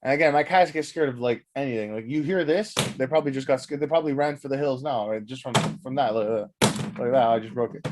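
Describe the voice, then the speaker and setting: Rambling, profane podcast host telling stories. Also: male voice, medium pitch, quick pace, heavy background noise. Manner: rambling, profane, animated, acts out quotes. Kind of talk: casual storytelling monologue.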